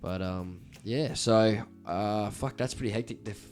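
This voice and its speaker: A man's voice: lowish voice, normal speed, a little mellow, faint music behind. A young man co-hosting a podcast, chatting in a laid-back way and swearing casually. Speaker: podcast co-host. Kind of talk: casual chat.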